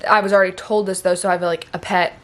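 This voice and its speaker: A woman's voice: on the low side, level tone, quick pace, fairly bright tone. A young woman vlogger telling an emotional story in casual chat, tearful and saying "like" constantly. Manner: emotional, heavy use of "like", breaks into laughs.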